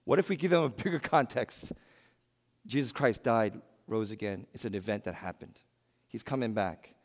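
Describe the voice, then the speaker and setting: Man preaching with dramatic loud-soft swings. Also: fairly low pitch, moderate pace, big-room sound. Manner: dramatic swings from loud emphasis to hushed delivery. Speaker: pastor. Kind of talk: sermon.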